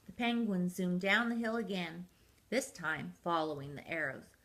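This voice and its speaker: An older woman, a grandmother, reading a picture book aloud in a gentle, unhurried way. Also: on the low side, fairly even intonation, a little hiss or hum. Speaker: storyteller grandmother. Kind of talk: storybook read-aloud.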